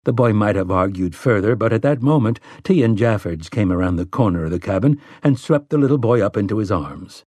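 A man narrating an audiobook in a measured storytelling manner. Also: fairly low pitch, expressive, warm tone, dry recording. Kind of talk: scripted narration.

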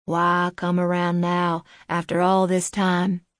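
A gruff, hoarse old man, as a female audiobook narrator puts him on, guarded and evasive, sitting low in his voice. He drags out his short replies at a very slow pace. The sound is close and dry. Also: completely flat delivery, no room sound.

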